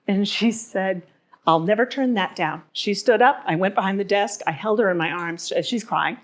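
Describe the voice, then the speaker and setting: A woman's voice: medium pitch, normal speed. A middle-aged woman hosting a live podcast, telling stories to an audience in a chatty way and laughing at herself. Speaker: podcast host. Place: wine venue with live audience.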